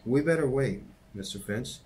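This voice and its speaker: A man reading a novel aloud, voicing a calm, cautious middle-aged sheriff who speaks in a measured way. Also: mid-range voice, pitched above the performer's own voice, close to an everyday voice.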